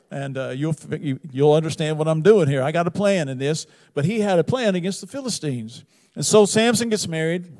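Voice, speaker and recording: A man preaching a sermon, retelling a Bible story with wry humor and big swings between loud emphasis and quiet asides. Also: on the high side. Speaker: pastor.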